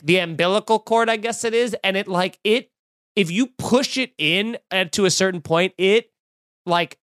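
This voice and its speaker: A man's voice: sits high, a bit bright, smooth, no echo, clean studio sound. A man hosting a podcast, riffing in a casual, profane stream of consciousness. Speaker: podcast host. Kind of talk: casual rambling chat.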